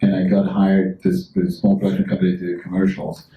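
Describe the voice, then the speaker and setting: A man's voice: deep voice, completely flat delivery, fast talker, a little hiss or hum. A man from Uruguay, a panel guest talking frankly and conversationally, often restarting his sentences. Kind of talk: casual panel talk. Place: large hall at a public talk. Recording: dull, distant sound in an echoey hall.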